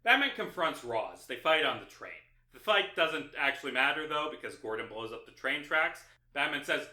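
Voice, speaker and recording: A man's voice: mid-range voice, big pitch swings, normal speed, few pauses, sharp tone, echoey room. A man narrating a sarcastic video essay, exasperated and mocking as he picks apart a film.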